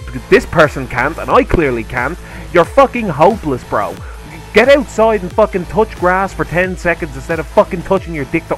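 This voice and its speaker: A man hosting a commentary video, ranting heatedly and sarcastically with constant swearing. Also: medium pitch. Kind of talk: angry rant commentary.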